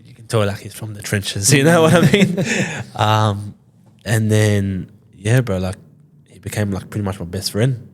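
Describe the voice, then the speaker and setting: A man in his twenties from Sydney, Australia, speaks in a lowish voice at a moderate pace. He's a podcast guest telling a story in a loose, casual way, swearing often and acting out what other people said.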